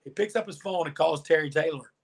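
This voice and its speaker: A man with a somewhat high voice tells stories as a podcast guest. He is animated and chatty, and he acts out other people's lines as he goes. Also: fast talker, vocal fry, husky. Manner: animated storyteller, acts out quoted dialogue. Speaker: podcast guest, former pro wrestler. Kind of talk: storytelling interview answers.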